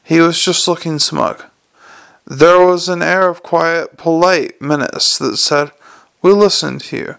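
A man's voice: on the high side, steady tone, measured pace, vocal fry, a bit bright, clean tone. A man reading a comic fantasy novel aloud, with occasional slips and self-corrections. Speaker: narrator.

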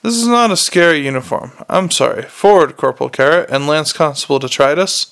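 A man voicing a gruff, weary male watch commander who barks demands, with a gravelly edge. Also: a little high, a little fast, a bit bright. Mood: dry. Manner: barking, demanding.

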